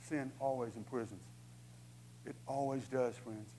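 A man's voice: mid-range voice, steady tone, a little slow, dark tone, slight background noise, poor audio. A man preaching a sermon in a conversational way, acting out inner voices with humor. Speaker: pastor.

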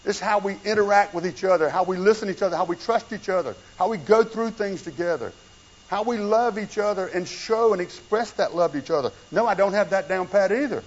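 A male pastor preaching a conversational sermon, swinging between hushed low passages and raised emphatic ones. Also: fairly quick. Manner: conversational preaching with wide swings in pitch and loudness. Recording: dull lo-fi church recording with faint room sound.

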